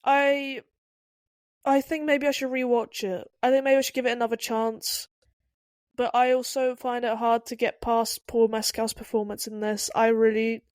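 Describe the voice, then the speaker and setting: This podcast co-host has a slightly high voice, captured in clean studio sound with no room echo. She gives blunt, opinionated film reviews in casual conversation, restarting her sentences hesitantly.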